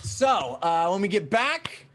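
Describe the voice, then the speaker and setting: A man's voice: high-pitched, big pitch swings, slow pace. A man narrating a tabletop game as game master, describing scenes with fillers and restarts.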